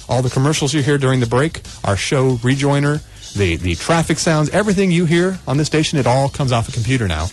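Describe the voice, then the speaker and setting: A man hosts a call-in radio show offering computer help, speaking quickly and animatedly at medium pitch. He's folksy and rambling, restarting often, with faint music behind him.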